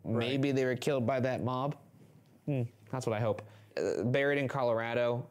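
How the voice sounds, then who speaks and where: A man's voice: mid-range voice, steady tone. A man co-hosting a show, reacting to a story in a skeptical, wry way. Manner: skeptical, wry and quick to quip. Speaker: co-host listening and reacting. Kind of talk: casual chat.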